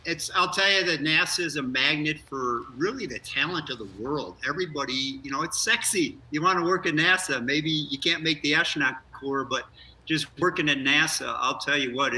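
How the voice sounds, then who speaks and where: Older male guest, earnest and energetic, bright forceful tone, heard from a distance over a remote link. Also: mid-range voice. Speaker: former astronaut guest. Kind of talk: live news interview.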